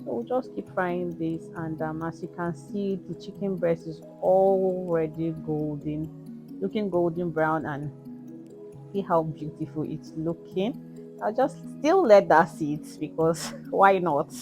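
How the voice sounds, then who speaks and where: A woman talking through a cooking tutorial in a relaxed, chatty way, often repeating herself. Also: lowish voice, unhurried, over music. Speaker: cooking channel host. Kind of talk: casual cooking tutorial voice-over.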